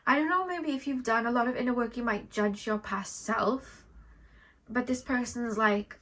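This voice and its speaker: A woman's voice: a little high, moderate pace, fairly bright tone. A woman doing an intuitive tarot reading for her viewers, earnest and openly emotional, rambling with lots of "like" and "um". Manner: rambling, heavy on "like" and "um". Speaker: tarot card reader.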